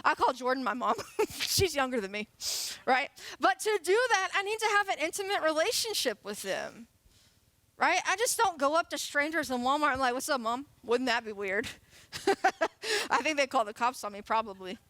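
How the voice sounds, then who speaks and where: High-voiced playful young woman preaching. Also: sing-song, moderate pace, pushed and bright, no echo. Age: 20s. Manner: casual, chatty and playful, laughing often. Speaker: youth pastor. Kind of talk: sermon.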